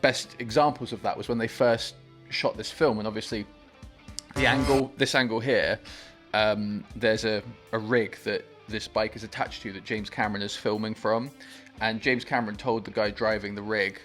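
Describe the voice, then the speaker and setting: A man hosting a movie reaction, talking about the film with excited, gushing enthusiasm. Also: lowish voice, normal speed, faint music behind.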